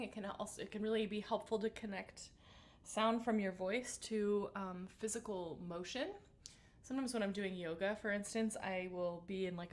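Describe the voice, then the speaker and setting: On a livestream, a woman singing teacher guides viewers through a vocal warm-up, greeting them by name. Her medium-pitched voice sounds relaxed and encouraging.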